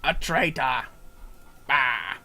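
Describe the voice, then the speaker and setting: A man's voice: medium pitch, lightly acted. Man doing a gloating kobold villain. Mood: menacing. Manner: taunting, drawn-out theatrical delivery. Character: sneering male kobold villain, cruel and gloating.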